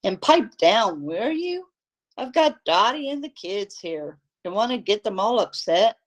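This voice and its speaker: A woman's voice: mid-range voice, very animated, unhurried, low-quality recording. A woman reading aloud, voicing a nervous, angry man who speaks in a tense, clipped hiss.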